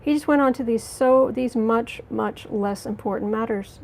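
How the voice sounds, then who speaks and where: A woman hosting a live tarot stream, reading cards and answering chat, angry but trying to stay calm, halting with fillers and restarts. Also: fairly high pitch, gravelly. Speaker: tarot reader and livestream host.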